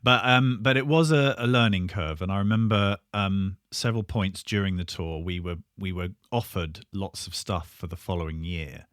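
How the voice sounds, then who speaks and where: Brief: bandmate, very low voice, reflective and hesitant, dry close sound. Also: male voice, moderate pace, few pauses, fairly bright tone, clean tone, no room sound. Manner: thoughtful, hesitant with ums. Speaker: band member. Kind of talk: reflective podcast chat.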